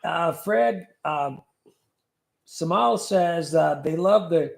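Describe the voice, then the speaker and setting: A man's voice: on the high side, slow, creaky. A middle-aged man hosting a casual livestream, joking and reading out viewer comments. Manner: jokey, reads out viewer comments. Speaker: livestream host.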